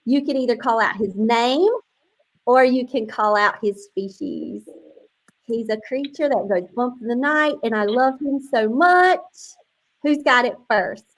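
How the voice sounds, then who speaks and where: A woman's voice: a little high, a little slow, rough recording. A woman hosting an online book launch on a video call, chatty and emotional, close to tears.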